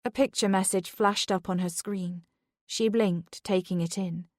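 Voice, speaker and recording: A woman narrating a thriller audiobook in a measured, steady reading. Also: medium pitch, no room sound, studio quality.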